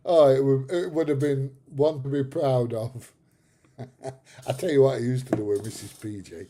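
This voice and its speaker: A man's voice: mid-range voice, normal speed, mellow. A middle-aged man hosting a casual livestream, chatting to viewers and laughing at his own stories, with the odd bit of swearing. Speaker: livestream host. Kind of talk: casual chat with live viewers.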